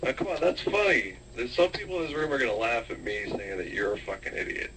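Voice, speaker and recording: Teasing, sarcastic man with a lively voice. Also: mid-range voice, fast talker, recorded from a distance, a little hiss or hum, low-quality recording. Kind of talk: casual heated group chat.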